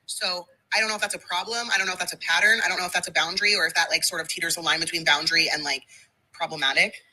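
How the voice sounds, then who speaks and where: A woman hosting a podcast, talking fast in a lower, husky voice with a very bright edge. She thinks out loud in a reflective, confessional way. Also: fairly even intonation, poor audio. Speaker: podcast host. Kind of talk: podcast conversation.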